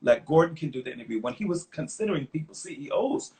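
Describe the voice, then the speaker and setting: A middle-aged man, a songwriter guest in an interview, telling lively anecdotes and acting out other people's lines, earnest and openly emotional when he reflects. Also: a little high, fast. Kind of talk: conversational interview storytelling.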